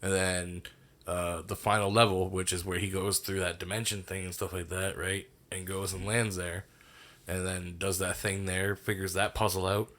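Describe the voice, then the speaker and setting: A man's voice: low-pitched, little pitch movement, normal speed, fairly bright tone. A man co-hosting a podcast, chatting loosely about a movie and swearing casually. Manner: loose, rambling and profane, laughs easily. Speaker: podcast co-host. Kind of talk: casual movie discussion chat.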